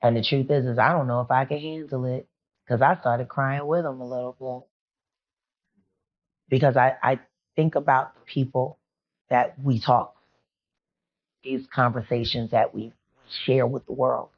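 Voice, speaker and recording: Speaking a little slowly in a very deep, steady voice with long pauses, a woman guest shares a personal story on a podcast. Her candid interview telling is rambling, confiding, and emotional, captured in muffled lo-fi sound.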